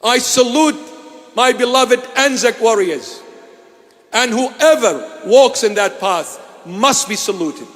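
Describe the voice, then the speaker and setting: A man from Iraq giving an impassioned, sermon-style address, emphatic and deliberate, leaning on repeated phrases. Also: very high voice, animated, fairly bright tone, big-room sound. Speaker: preacher. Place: church.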